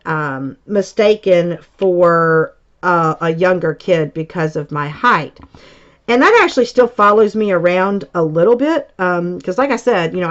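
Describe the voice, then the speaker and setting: A woman and high school teacher chatting casually as she tells a story from her childhood, rambling and full of filler words. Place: home crafting space. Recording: dull lo-fi recording.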